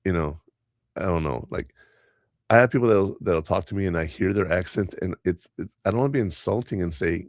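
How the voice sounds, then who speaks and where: Gravelly middle-aged man telling stories. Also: deep voice, a little fast, no echo, clean studio sound. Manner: rambling, animated storyteller who mimics voices. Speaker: podcast host. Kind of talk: casual storytelling chat.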